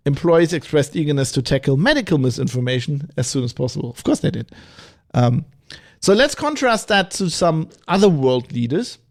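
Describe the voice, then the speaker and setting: A middle-aged man hosting a podcast, talking in a rambling, animated way with many restarts and asides. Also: on the high side. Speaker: podcast host. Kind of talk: opinionated solo podcast talk.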